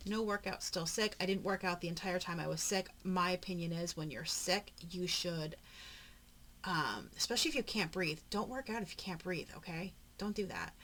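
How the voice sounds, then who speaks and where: A woman with a lowish voice chats casually as she flips through a handmade journal for her craft channel. She rambles from one story to the next and often drops into soft murmured asides. A faint hiss sits under her voice. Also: moderate pace. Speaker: papercraft vlogger. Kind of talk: casual chatty narration during a journal flip-through.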